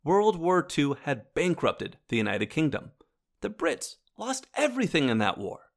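A man's voice: a little high, huge pitch swings, a little slow, creaky. A man hosting a history show, narrating from a script and turning to his listeners with wry asides. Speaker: history podcast host.

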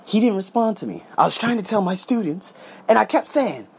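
A man's voice: sits high, animated, fairly quick, vocal fry, husky. A man telling his story in a casual vlog from his condo, emphatic and swearing as he goes. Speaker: vlogger, English teacher. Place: condo room, indoors.

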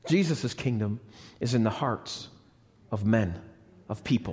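A man's voice: on the low side, expressive, measured pace, a little mellow. A male pastor preaching a sermon. He speaks with emphasis, repeats key phrases and asks the congregation questions. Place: church. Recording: live church recording with long reverb.

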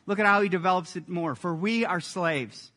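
A male pastor delivers a sermon with earnest, emphatic conviction that swells to loud peaks. His voice sits high and rings bright. The sound carries the long reverb of a large hall. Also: normal speed. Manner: earnest, emphatic preaching with rising intensity.

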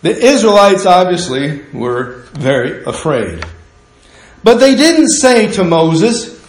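A man's voice: high voice, big pitch swings, slow. A man preaching a sermon in a humorous, conversational way, acting out quotes from the people in his story. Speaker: pastor. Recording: echoey room.

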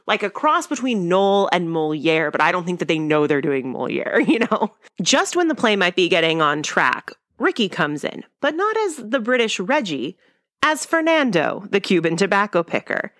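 A woman's voice: on the low side, very animated, normal speed, a bit bright, no room sound, studio quality. A young woman hosting a podcast, recapping a sitcom episode in a chatty, wry and opinionated way. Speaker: podcast host.

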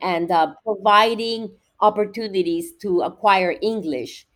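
Woman explaining at a measured pace. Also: mid-range voice, fairly bright tone. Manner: measured, explanatory, with repeated restarts. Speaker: education researcher guest. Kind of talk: podcast interview, explaining.

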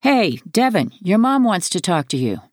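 A woman's voice: medium pitch, very animated, normal speed, a little mellow, no room sound, studio quality, pitched above the performer's own voice. A woman voicing a weary male day-treatment staffer with a plain, drawling delivery.

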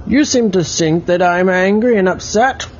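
A man voicing a teasing, cryptic stone dragon statue that has come to life, speaking slowly and deliberately in a bedtime story. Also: high-pitched, highs cut off, a little hiss or hum, voice pushed up, natural voice.

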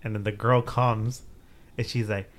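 A man's voice: lowish voice, flat delivery, unhurried. A young man on a podcast, casually telling a story, swearing freely, laughing often and acting out what people said. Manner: loose, profane, laughs often, acts out quotes. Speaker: podcast co-host.

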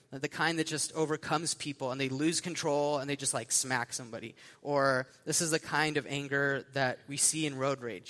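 A young man preaching a sermon, reading scripture and then telling stories in a casual, animated way full of fillers. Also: fairly high pitch. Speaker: pastor. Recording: long reverb of a large hall.

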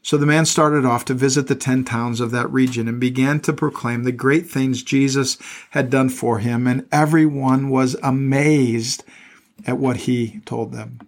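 A man's voice: mid-range voice, steady tone, unhurried. A middle-aged male pastor reading scripture aloud and breaking off into plain, earnest commentary, often repeating words as he goes.

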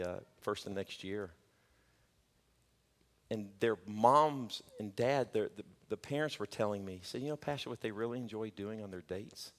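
A male pastor preaching a sermon, swinging from shouted peaks to joking, chatty asides. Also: fairly low pitch. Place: church sanctuary. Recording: long church hall reverb.

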